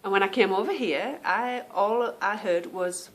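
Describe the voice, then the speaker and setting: An Englishwoman with a British accent hosts a podcast, her mid-range voice unhurried. She chats in a meandering way, her thoughts often trailing off.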